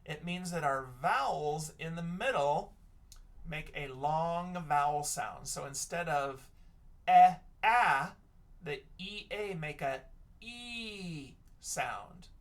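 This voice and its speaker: A man's voice: fairly high pitch, expressive, slow pace, fairly bright tone. A male teacher giving a recorded reading lesson for children, patiently sounding out words letter by letter.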